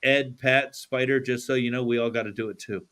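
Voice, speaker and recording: A man's voice: medium pitch, steady tone, fairly quick, fairly bright tone, smooth. A male podcast host chatting casually in a studio. His talk is loose and laid-back, peppered with swearing and frequent laughs. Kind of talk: casual chat.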